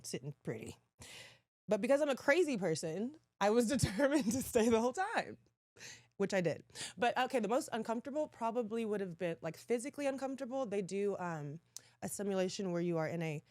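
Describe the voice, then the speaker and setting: A woman guest in a casual chat, telling animated stories and laughing often. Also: medium pitch, no room sound, studio quality.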